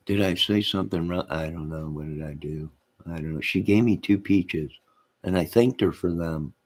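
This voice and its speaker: A man hosting a live stream, rambling in casual chat with his viewers, often repeating himself and addressing them by name. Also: deep voice.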